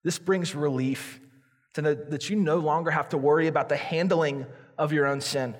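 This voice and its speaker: A man's voice: on the high side, fairly even intonation, moderate pace. Pastor, male, preaching earnestly from the pulpit; voice carries a long reverb from a large hall. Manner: earnest, confessional preaching that acts out inner prayers. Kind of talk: sermon.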